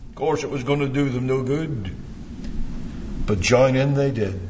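A man preaching a sermon in a slow, dramatic style, swinging from soaring to hushed. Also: medium pitch. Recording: dull, echoey hall recording with faint hiss.

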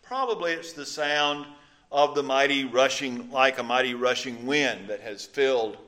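A middle-aged man from the Mississippi coast with a Mississippi accent, preaching a conversational sermon with folksy stories and filler pauses. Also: mid-range voice, pushed and bright. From Mississippi Gulf Coast. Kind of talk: sermon teaching with folksy anecdotes.

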